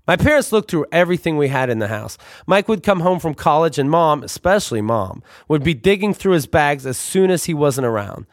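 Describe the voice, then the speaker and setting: A young man telling comic stories about his youth in a wry, deadpan manner. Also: a little high, a little fast, few pauses, no echo, studio quality. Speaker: storyteller. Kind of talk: comic storytelling.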